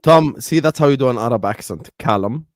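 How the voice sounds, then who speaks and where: A man's voice: medium pitch, animated, brisk, dry recording. Bantering man hosting a stream. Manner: joking, teasing banter. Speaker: host. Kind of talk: casual chat.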